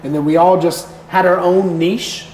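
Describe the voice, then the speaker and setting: An American man with a raspy voice, chatting casually as a podcast guest and telling relaxed stories. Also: high-pitched, moderate pace. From United States. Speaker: guest content creator. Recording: echoey room with faint noise.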